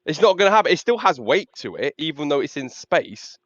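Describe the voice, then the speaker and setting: A man's voice: on the high side, big pitch swings, brisk, dry recording, highs cut off. A man co-hosting a casual podcast chat, arguing emphatically and swearing casually. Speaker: podcast co-host.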